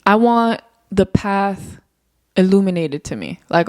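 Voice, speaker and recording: A young woman talks through a solo podcast episode, unscripted and candid, drifting from thought to thought and swearing now and then. Her pitch sits in an ordinary middle range but jumps up when she gets worked up. The sound is dry and close, with no room around it. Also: animated, takes it slowly, darkish tone, no echo. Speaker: podcast host. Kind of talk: casual solo podcast monologue.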